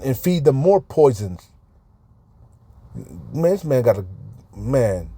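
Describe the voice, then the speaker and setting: A man's voice: medium pitch, dark tone, no echo. A man giving impassioned, profane Bible commentary in slangy street talk, often repeating and stumbling over words. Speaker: online scripture commentator. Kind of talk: informal fiery Bible commentary.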